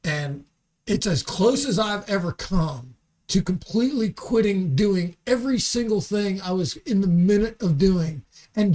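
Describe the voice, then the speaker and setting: A man's voice: high voice, darkish tone. Heated, swearing man on a podcast. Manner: heated, emphatic, swearing freely. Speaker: comedian guest. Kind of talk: podcast conversation. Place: studio.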